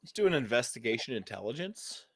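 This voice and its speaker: A man's voice: medium pitch, big pitch swings, fast talker, a crowd in the background. A man narrating as game master in a tabletop role-playing game, loose and full of "like"s. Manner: loose, filler-heavy narration with "like".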